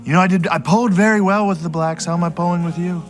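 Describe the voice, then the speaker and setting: A man's voice: high voice, steady tone, fast, soft background music, close to an everyday voice. A man playing a rambling, boastful president. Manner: blunt, rambling insults. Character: insulting, boastful older male president in a sketch.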